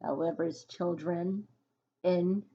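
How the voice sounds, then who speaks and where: A woman teacher walks young pupils through a phonics lesson, sounding out each letter and syllable with patient care. She speaks slowly, in a voice a little low for a woman. The recording is dull and lo-fi. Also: fairly even intonation, warm tone.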